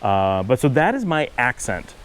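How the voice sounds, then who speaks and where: This channel host is a middle-aged Western New York man whose Buffalo accent comes through in a medium-pitched, sing-song voice at a moderate pace. The audio is poor. He explains things casually and patiently, wandering into asides and correcting himself as he goes.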